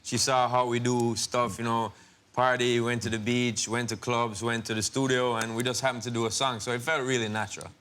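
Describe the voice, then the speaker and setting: Laid-back Jamaican man, mid-pitched. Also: little pitch movement, a little fast, fairly bright tone, smooth. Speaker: guest musician. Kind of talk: relaxed interview chat.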